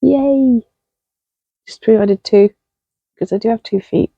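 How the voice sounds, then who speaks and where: A woman's voice: medium pitch, flat delivery, brisk, dry recording. Chatty woman, muffled mic. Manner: chatty, self-deprecating, rambling with fillers. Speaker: podcast host. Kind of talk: casual knitting podcast chat.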